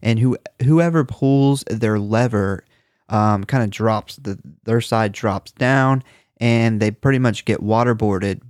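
Male podcast co-host, low voice, profane and laughing, dry close mic. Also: slow pace, no echo. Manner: profane, laughing, recaps plot. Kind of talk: casual horror movie podcast chat.

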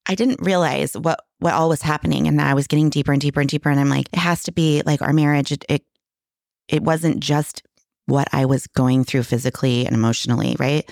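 Low, gravelly woman telling her story. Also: steady tone, a little fast, darkish tone, no room sound, clean studio sound. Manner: candid, emotional storytelling with many restarts. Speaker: guest. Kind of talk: personal story in casual conversation.

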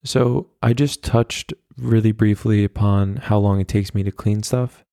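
A man's voice: on the low side, steady tone, unhurried, gravelly, mellow, no echo, clean studio sound. A young man hosting a solo podcast, talking casually and rambling in a self-deprecating way, with lots of fillers. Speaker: podcast host.

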